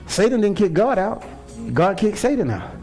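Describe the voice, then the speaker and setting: A high-voiced man preaches an impassioned sermon in a church. He calls out to the congregation and draws answers back from the pews, with faint music underneath. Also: very animated, normal speed, darkish tone. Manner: impassioned, call-and-response with congregation. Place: church sanctuary.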